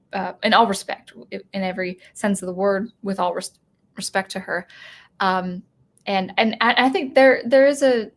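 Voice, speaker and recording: A woman hosting a live stream about music, talking casually and rambling with many restarts while reading out viewer comments. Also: medium pitch. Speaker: music channel host.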